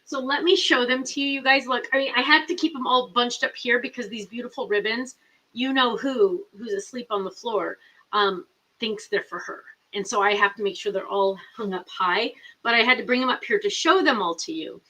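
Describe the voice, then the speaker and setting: A woman's voice: fairly high pitch, normal speed, sharp tone, rough recording. A middle-aged woman hosting a casual live chat, rambling and reading viewer comments aloud. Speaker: host.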